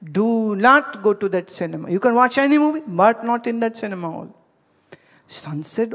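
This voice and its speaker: A woman's voice: medium pitch, lively intonation, normal speed, long reverb tail. A woman from India giving a spiritual discourse, telling stories and addressing her listeners directly. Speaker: spiritual teacher.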